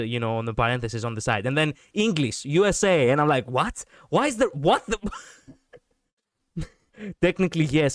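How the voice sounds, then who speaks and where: A man's voice: mid-range voice, smooth, no echo, clean studio sound. A man chatting casually on a livestream as a VTuber, rambling and laughing often while he responds to viewers. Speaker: VTuber streamer.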